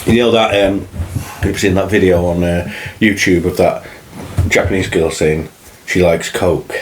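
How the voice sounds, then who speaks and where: A man's voice: low-pitched, steady tone, unhurried, a little hiss or hum. A man co-hosting a podcast, joking and teasing his friend in casual banter. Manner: joking, teasing, breaks into laughter. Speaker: podcast co-host.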